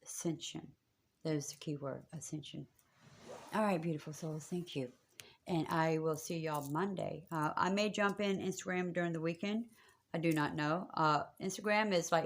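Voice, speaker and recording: Low-voiced woman giving rambling spiritual readings. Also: moderate pace. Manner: rambling and affectionate, with many fillers. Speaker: spiritual reader on a live stream. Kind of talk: casual live-stream talk to viewers.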